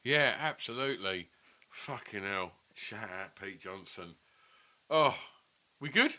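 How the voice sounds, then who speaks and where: A man chatting loosely on a comedy podcast, a little tipsy after a few lagers. He swears freely and laughs often, with a bright, clear tone. The sound is close and dry. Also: fairly low pitch, lively intonation, takes it slowly, dry recording. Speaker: podcast co-host. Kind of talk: casual chat.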